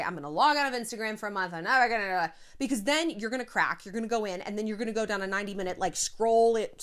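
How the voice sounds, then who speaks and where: A woman giving frank, animated life advice in a casual vlog, a little short of breath and sighing now and then. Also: on the high side. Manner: frank, animated, swears, slips into quoted voices.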